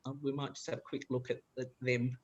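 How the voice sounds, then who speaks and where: A woman's voice: a bass voice, level tone, a little fast, darkish tone, highs cut off. A woman presenting a practical teacher-training workshop. She demonstrates example sentences aloud as she explains.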